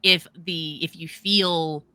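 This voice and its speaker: Bright-voiced woman running a tabletop game. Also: sits low, fairly even intonation, takes it slowly. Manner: casual, filler-heavy, explains rules. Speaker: game master.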